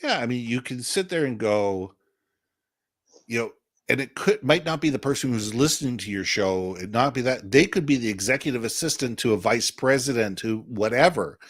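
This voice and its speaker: A man in his fifties, originally from Canada, appears as a podcast guest and tells a lively anecdote, leaning into the punchlines. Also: medium pitch, moderate pace. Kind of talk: animated storytelling in conversation.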